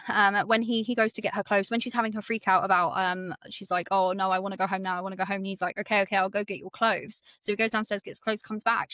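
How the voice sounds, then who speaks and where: A woman co-hosting a podcast, retelling book scenes in an animated way and acting out the characters' lines. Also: fairly high pitch, dry recording. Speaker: podcast co-host. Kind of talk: book recap discussion.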